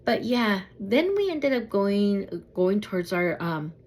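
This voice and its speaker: Woman, vlogger, casual chatty story, slightly breathy voice, pops up high for quotes. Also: slow pace. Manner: animated, acts out quotes in a high voice.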